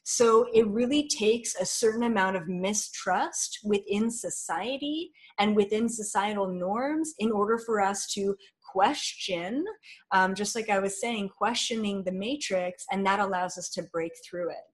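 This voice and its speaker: A woman appears as a spiritual guest in an interview, speaking at a measured pace with a medium-pitched voice. Her talk is earnest and flowing, with many fillers.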